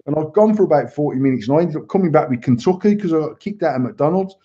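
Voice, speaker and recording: A foul-mouthed man tells crude stories on a live show in a blunt, boastful way. His voice sits a touch high for a man, with a dark, mellow tone. The sound is dull and lo-fi, like a home live stream. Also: lively intonation, fast. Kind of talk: casual storytelling chat.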